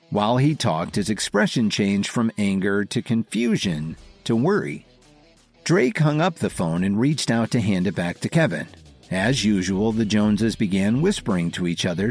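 A man giving scripted narration of a dramatic story with a steady storytelling delivery and a husky voice. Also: fairly low pitch.

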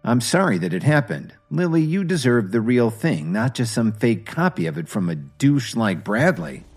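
A man voicing a calm, quietly confident husband who speaks evenly. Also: medium pitch, husky, faint music behind. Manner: calm, measured.

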